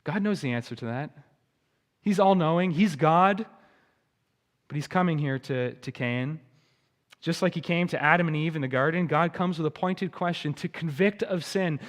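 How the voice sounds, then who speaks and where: A male pastor preaching a sermon, shifting from quiet explanation to loud emphatic warnings and speaking at times to the children. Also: high-pitched, big-room sound. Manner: addresses children in the congregation. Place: church sanctuary.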